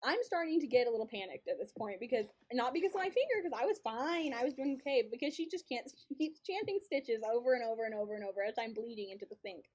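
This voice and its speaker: A young woman with a fairly high voice, chatting away as she plays a game on stream. She tells a long story in a loose, rambling way, repeating herself and laughing often. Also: animated, quick pace, hardly any pauses, a little mellow. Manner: chatty, laughs often, retells events with lots of repetition. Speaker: streamer and co-host. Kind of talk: casual storytelling while gaming.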